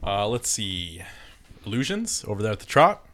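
A man's voice: on the low side, very animated, normal speed, a crowd in the background. A man back on a podcast with friends, chatting casually and joking dryly. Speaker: podcast guest regular. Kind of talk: casual chat.

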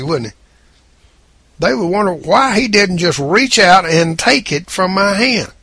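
A man preaching with a gravelly, husky voice and emphatic delivery. He reads scripture slowly, then drives his points home. The sound is dry and close, with no room around it. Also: on the high side, a bit bright, no room sound. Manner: emphatic preaching, reading scripture in King James wording. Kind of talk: sermon.

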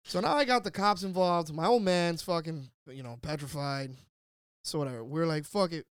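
A man telling a wild story in casual chat, animated and swearing, shouting out the lines he quotes. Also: fairly high pitch, normal speed, smooth, no room sound, clean studio sound. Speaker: podcast guest storyteller.

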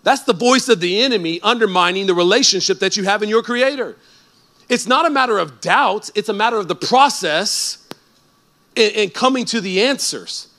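A male pastor preaching a sermon in a conversational, animated way that builds to emphatic peaks. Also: sits high, moderate pace.

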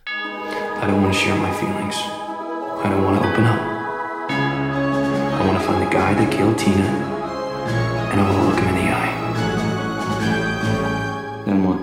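A brooding, vengeful man played by an actor speaks low and gravelly, his voice almost monotone. The clip is drenched in long hall reverb with loud music underneath. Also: a little slow, long pauses. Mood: grim. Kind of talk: played film or show clip.

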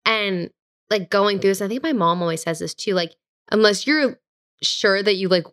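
A young woman co-hosting a podcast, talking softly and earnestly into a studio microphone. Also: mid-range voice, normal speed. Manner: soft, earnest, drifting near a whisper. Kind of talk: casual chat. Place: recording studio.

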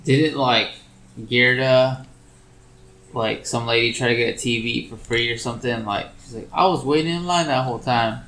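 A man's voice: mid-range voice, moderate pace, sharp tone. A young man chatting casually, laid-back and joking, with frequent swearing. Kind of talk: casual chat. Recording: roomy echo.

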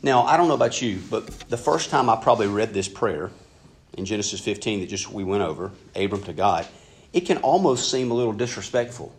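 A man preaching a sermon in an earnest, conversational way, swinging between loud and hushed passages. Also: on the low side, expressive, fairly quick, slight background noise. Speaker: pastor.

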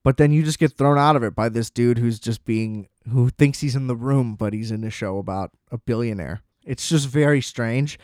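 A man's voice: mid-range voice, normal speed, hardly any pauses, a little mellow, dry recording, studio quality. A young man casually reviewing a TV series in a rambling monologue, with lots of filler words and profane asides. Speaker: show reviewer.

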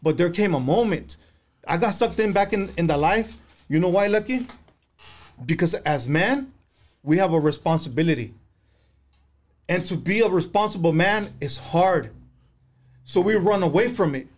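A middle-aged man speaks in a raised, high-set voice, telling his own story with rising passion. He talks in casual conversation and swears freely as he makes his points. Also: lively intonation, moderate pace, pauses often. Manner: impassioned, profane storytelling.

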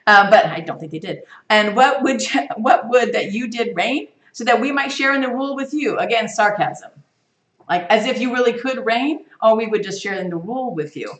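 A woman teaching a Bible study, reading scripture aloud with lively, emphatic stress. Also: on the high side, normal speed. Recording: echoey room.

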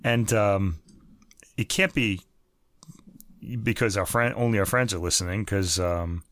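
Chatty low-voiced male podcast co-host. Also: unhurried, fairly bright tone, no echo, studio quality. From United States. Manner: chatty, rambling, laughs at his own jokes. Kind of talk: casual chat.

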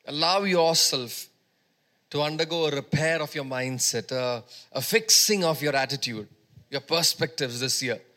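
Bright-voiced man preaching call-and-response. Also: on the high side, normal speed. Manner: call-and-response, asks congregation to repeat words. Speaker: pastor. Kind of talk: sermon. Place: church service.

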